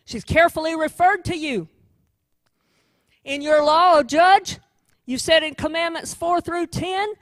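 A woman voicing a scornful male prosecutor who loudly lists charges against a sinner in a sermon. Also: high-pitched, dry recording, voice pushed up. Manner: loud, accusing, listing charges.

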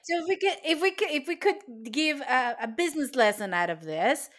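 A woman's voice: high voice, expressive, brisk, fairly bright tone. A woman hosting a podcast interview, encouraging and affirming her guests. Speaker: podcast host. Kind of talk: casual interview.

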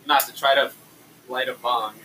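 A man's voice: mid-range voice, steady tone, moderate pace. A young man chatting casually with friends, joking, laughing and swearing. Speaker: friend in group chat. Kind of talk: casual chat. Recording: distant mic with noisy background.

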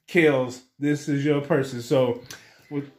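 A man's voice: mid-range voice, steady tone, slow, roomy sound. A man co-hosting a podcast in casual chat, laid-back and joking, laughing often. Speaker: podcast co-host.

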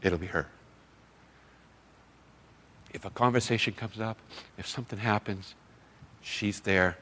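A man's voice: fairly low pitch, a little slow, pauses often, fairly bright tone. A middle-aged man, a former youth pastor, tells heartfelt stories at a men's seminar and acts out other people's lines. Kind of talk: storytelling sermon. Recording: long reverb of a large hall.

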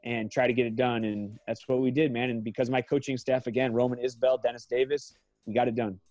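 A man in his thirties talks casually as a podcast guest, swearing freely and correcting his own numbers as he goes. His voice sits at a middle pitch. The sound is dry and close, with little room around it. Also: level tone, brisk, a little mellow, dry recording, dull audio. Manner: profane, rambling, corrects himself often. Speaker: guest, MMA fighter.

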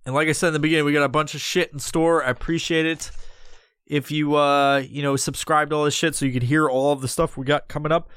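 A man's voice: a little high, little pitch movement, fast talker, fairly bright tone, clean tone, no room sound, studio quality. A man hosting a solo podcast, rambling loosely and swearing constantly as he jokes his way through a history talk. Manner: profane, rambling, loose and jokey. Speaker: podcast host. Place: recording alone.

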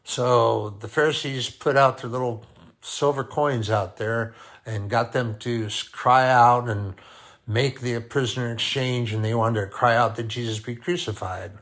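A man preaching a sermon, deliberate and repeating key phrases for emphasis. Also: mid-range voice, steady tone, a bit bright.

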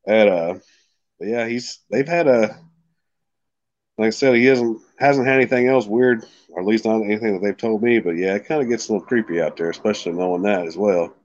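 A man's voice: lowish voice, brisk, highs cut off. A man guesting on a podcast, telling a story in a rambling, folksy way and often saying "like I said". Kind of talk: casual storytelling.

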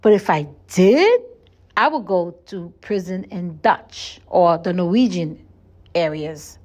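A woman's voice: lowish voice, lively intonation, takes it slowly, a little mellow. A woman quoting a laid-back male taxi driver. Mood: matter-of-fact. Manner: casual, matter-of-fact.

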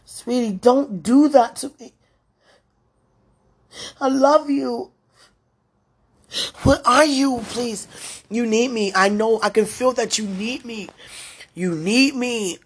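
Husky woman in slow pleading prayer. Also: on the high side. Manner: pleading and tender, with many repeated phrases. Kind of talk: emotional spoken prayer.

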